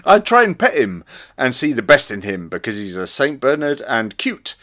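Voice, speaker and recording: A man's voice: mid-range voice, big pitch swings, moderate pace, bright, forceful tone. A man co-hosting a podcast, reading out listener comments, laughing often, stumbling over restarts and swearing casually. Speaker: podcast co-host.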